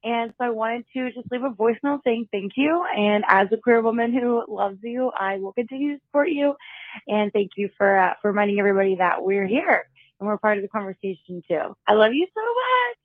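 An earnest woman leaves a heartfelt voicemail, her voice dry and tinny over a phone line. She speaks with warmth and emotion, thanking the host. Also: mid-range voice, steady tone, a little fast, dry recording. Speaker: caller leaving a voicemail.

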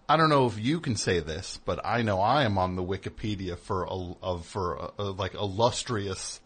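Husky male host, chatty and rambling. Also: deep voice, normal speed, a bit bright. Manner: chatty, frequent affirmations, rambling asides. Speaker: radio host. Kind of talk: casual interview chat.

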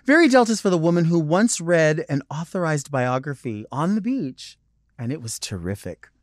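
A man's voice: fairly high pitch, very animated, normal speed, no echo. Guy hosting his podcast solo, just rambling off topic, lots of likes, dry close sound. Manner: rambling, digressive, chatty with many "like"s. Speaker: podcast host. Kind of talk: casual solo monologue.

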